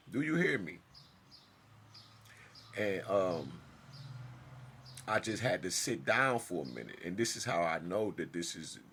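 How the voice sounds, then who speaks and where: A man telling a personal story in a casual monologue, emphatic and swinging from loud outbursts to hushed asides. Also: sits low, slight background noise. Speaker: storyteller vlogger.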